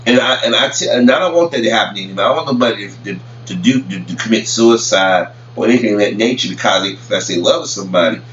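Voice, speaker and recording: A man ranting casually to camera in a rambling way, often stammering and repeating words. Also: medium pitch. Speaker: vlogger commenting on celebrity news. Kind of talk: casual opinion rant. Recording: roomy, distant, dull lo-fi with faint hum.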